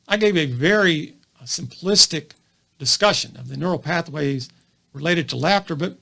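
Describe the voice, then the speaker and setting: An animated male doctor lectures straight to camera, his fairly high voice swinging up and down as he fires off rhetorical questions. A gravelly fry runs under his words, and he keeps a lively, explaining tone throughout. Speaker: physician lecturing on comedy. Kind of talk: educational video monologue.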